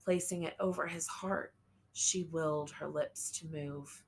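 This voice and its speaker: A woman reading a novel aloud as an audiobook narrator, slow and measured. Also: low voice, steady tone, a little hiss or hum. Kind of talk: scripted narration.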